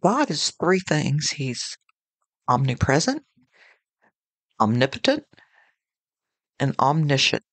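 A woman delivers a devotional podcast talk at an unhurried, measured pace. Her manner is earnest and conversational, and she leans on homely personal anecdotes. The sound is dry and close, with no room echo. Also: deep voice, very animated. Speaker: podcast host.

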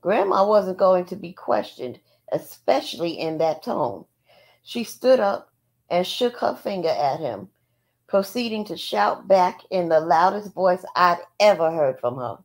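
A woman reading a novel aloud in an unhurried storytelling manner, with small asides. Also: on the low side, big pitch swings. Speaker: audiobook reader.

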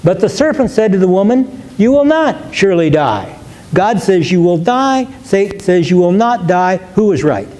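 Earnest pastor with a dark, mellow voice. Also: male voice, high-pitched, animated. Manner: earnest, emphatic, slows to stress key words; repeats and restarts words while thinking. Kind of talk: question-and-answer teaching. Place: church.

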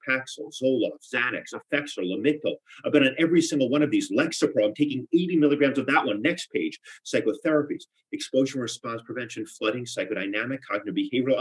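A man's voice: medium pitch, low-quality recording. A man performing a theatrical comic monologue, with anxious, obsessive repetitions and wry asides. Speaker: solo performer.

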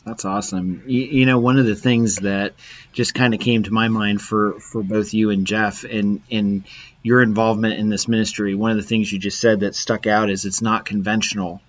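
A man hosting an interview over a video call, speaking in a heartfelt, halting way. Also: on the low side, flat delivery, lo-fi sound. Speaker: podcast host.

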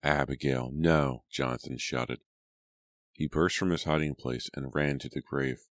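एक आदमी, बहुत गहरी आवाज़ में ऑडियोबुक सुनाता हुआ, सूखी, बिना गूँज की रिकॉर्डिंग।. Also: male voice, extremely low pitch, no echo. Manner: steady, measured storytelling. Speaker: audiobook narrator. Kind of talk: scripted narration.

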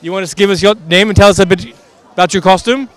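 A high-pitched, fairly bright man talks fast as a street interviewer at an outdoor Halloween parade. Posing as a Transylvanian count who claims to be a businessman, he uses broken English to playfully reassure the children.

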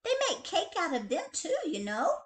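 Woman reader as a know-it-all sister bunny, high and bossy. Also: wildly swooping pitch, moderate pace.

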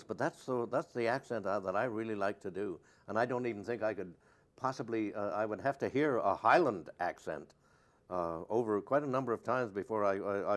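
An older man, an actor being interviewed, answering in a rambling, anecdotal way. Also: fairly low pitch.

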